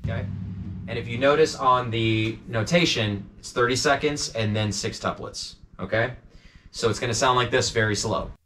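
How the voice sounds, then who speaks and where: A man's voice: mid-range voice, normal speed, music in the background. A man teaching a drum part in a casual walkthrough, counting beats aloud and often checking in with "okay?". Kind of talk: instructional walkthrough.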